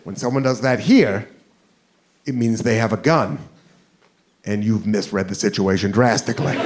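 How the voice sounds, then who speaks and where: A man's voice: lowish voice, slight background noise. A man doing stand-up comedy, telling a self-mocking story on a club stage. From United States.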